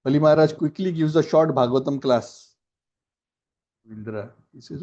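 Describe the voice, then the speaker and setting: A man's voice: on the high side, moderate pace, pauses often, mellow. A man teaching a scripture class, telling the story with acted quotes and asides, on a dull lo-fi recording.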